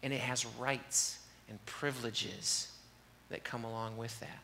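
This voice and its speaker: A man preaching an earnest, conversational sermon in a church and leading a soft, slow prayer. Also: medium pitch, fairly even intonation, vocal fry, long reverb tail, slight background noise. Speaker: pastor. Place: church sanctuary.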